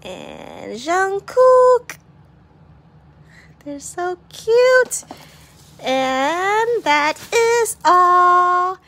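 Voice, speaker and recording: A young woman vlogging casually at home, bubbly and giggly as she talks excitedly. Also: extremely high pitch, very slow, long pauses. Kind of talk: casual unboxing vlog.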